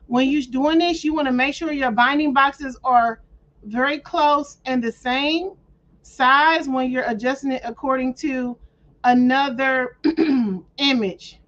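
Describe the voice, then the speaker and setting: A high-voiced woman runs a casual screen-share craft tutorial, talking viewers through each click in playful slang. She speaks slowly with a slightly bright tone and clears her throat often. The audio is dull and lo-fi.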